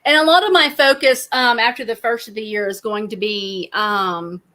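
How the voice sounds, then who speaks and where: A woman hosting a casual podcast chat, talking fast and laughing often. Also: on the high side, bright, forceful tone. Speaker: podcast host.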